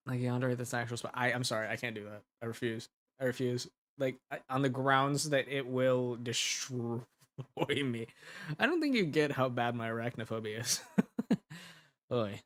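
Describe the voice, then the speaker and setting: This young man, who creates audio dramas, has a mid-range, fairly bright voice that's expressive and a little slow, with long pauses. He chats casually while brainstorming ideas, rambling, giggling, and cutting himself off with laughter.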